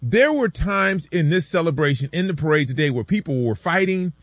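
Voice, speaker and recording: Animated male sports talk co-host. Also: fairly high pitch, fairly quick, dry recording. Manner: animated storytelling, acts out friends' lines.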